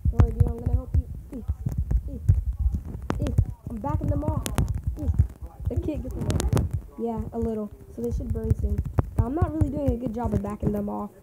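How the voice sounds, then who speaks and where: A young woman giving casual, excitable commentary while playing a video game with a friend, often yelping and laughing. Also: on the high side, normal speed, pauses often. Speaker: gaming video host. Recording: loud background noise.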